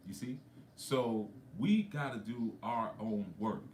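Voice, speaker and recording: A low-pitched man tells stories to his livestream viewers. He speaks conversationally and keeps dropping in frequent asides. His voice echoes around a roomy space, with faint ambience underneath. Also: slow, darkish tone, a little hiss or hum. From New York. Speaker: spiritual coach. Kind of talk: livestream talk.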